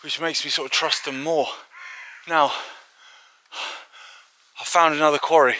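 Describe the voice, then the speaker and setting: A man hosting a walking exploration video outdoors, chatting excitedly to a handheld camera with frequent filler asides. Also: on the high side, unhurried, pauses often, no echo. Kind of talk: casual walk-and-talk to camera. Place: outdoors in fields, woods and an old quarry.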